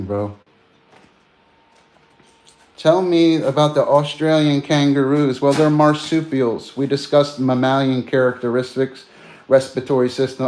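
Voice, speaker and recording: A man's voice: mid-range voice, darkish tone. A man in loose, rambling casual chat, talking straight to his viewers and tossing in "man" and "bro.". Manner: loose and meandering, peppers talk with "man" and "bro"; chats directly to viewers, greeting them. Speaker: streamer.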